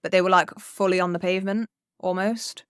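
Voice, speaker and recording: A young woman, a podcast co-host, telling a story in casual chat, animated and swearing freely. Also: lowish voice, fairly quick, smooth, no echo, studio quality.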